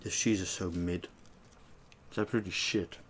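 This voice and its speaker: A young man eating on camera and telling a story in a casual, animated way, swearing freely as he acts out an argument at a shop. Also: sits low, moderate pace, slight background noise. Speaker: mukbang host.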